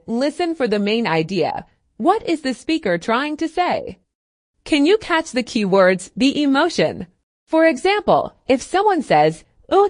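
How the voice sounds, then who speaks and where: High, lively-voiced woman teaching English. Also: no room sound, clean studio sound. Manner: clear, measured, encouraging delivery with deliberate pauses. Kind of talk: scripted English listening lesson.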